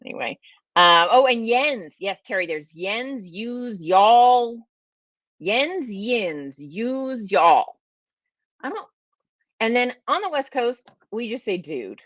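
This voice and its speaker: A woman's voice: a little high, very animated, slow, a bit bright, dry recording. A woman from California with a Californian accent and a slightly nasal voice, rambling casually as she hosts a livestream and answers viewer questions, saying "like" a lot. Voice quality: a little nasal. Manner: rambling, chatty, says "like" a lot. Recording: dull, lo-fi, dry sound.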